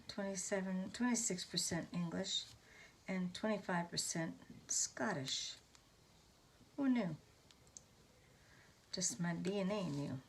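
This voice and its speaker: A woman hosting a casual craft tutorial, gushing over her finished pieces with soft exclamations. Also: fairly low pitch, slight background noise.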